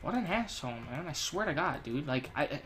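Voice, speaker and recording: A young man riffing crudely over his gameplay, swinging between low mutters and sudden loud shouts. His commentary is jokey, profane and full of laughter. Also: animated, brisk, slight background noise. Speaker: gaming channel host.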